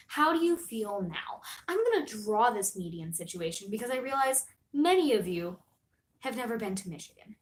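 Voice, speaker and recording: A young woman streamer chats casually with her viewers in a live stream, her slightly high voice swinging between loud outbursts and quiet asides as she tells a story. She talks at normal speed, and the audio quality is poor.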